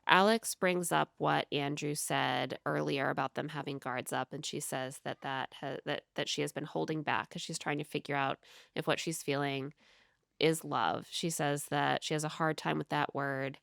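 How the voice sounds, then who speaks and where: Low gravelly-voiced woman podcaster. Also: steady tone, normal speed, a bit bright, no room sound, clean studio sound. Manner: chatty, recaps scenes with many "like"s. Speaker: podcast co-host. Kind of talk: casual recap chat. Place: home.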